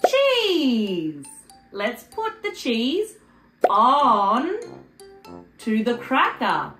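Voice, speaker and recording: A woman presenting a video for toddlers in a slow, exaggerated, sing-song way, repeating words for little ones to copy. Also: on the high side, a bit bright. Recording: echoey room with faint music underneath.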